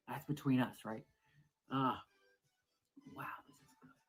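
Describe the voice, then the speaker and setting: A woman performing a comedic monologue at home, over-the-top excited and swinging between hushed whispers and loud exclamations. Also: a bass voice, slow, pauses often, soft background music, rough recording.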